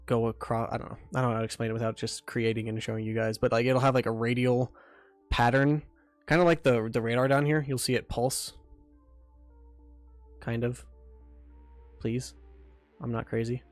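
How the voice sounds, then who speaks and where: A man's voice: medium pitch, flat delivery, moderate pace, long pauses, no room sound, soft background music. A man chatting casually on a livestream about building his game, rambling with lots of ums and restarts while eating. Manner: rambling, many fillers and restarts. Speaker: game developer streamer.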